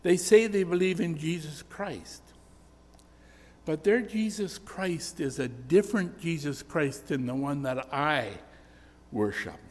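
A man's voice: fairly high pitch, slow pace. An older man preaching a sermon, telling personal stories in an earnest, storytelling way. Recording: echoey church hall reverb.

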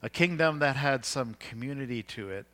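A man's voice: medium pitch, moderate pace, a bit bright. A man preaching a sermon, retelling scripture in everyday words with fillers and restarts.

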